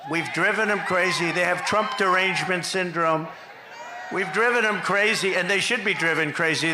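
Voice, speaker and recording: A man's voice: a little high, pushed and bright, a little hiss or hum. Man giving a rambling, echoey rally speech. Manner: rambling and repetitive, with mocking asides. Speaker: political speaker at a campaign rally. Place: outdoor rally.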